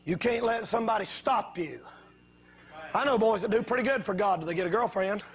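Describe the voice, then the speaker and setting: A man preaching a fiery revival sermon, telling folksy stories that build up to shouting. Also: high voice, fairly quick, lo-fi sound, a crowd in the background.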